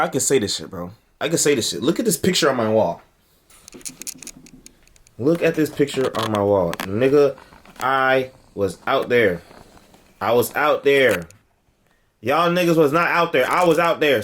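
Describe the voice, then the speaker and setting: A young man hosting a reaction video, talking in a blunt, animated way, with heavy slang. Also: fairly high pitch, a little fast. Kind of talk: casual reaction commentary.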